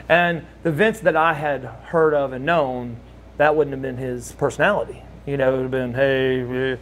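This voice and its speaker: A man's voice: mid-range voice, normal speed, a little hiss or hum. A man in his forties, a former wrestler, telling stories in a casual interview and acting out the voices of people he quotes. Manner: animated storyteller acting out quotes. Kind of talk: storytelling shoot interview.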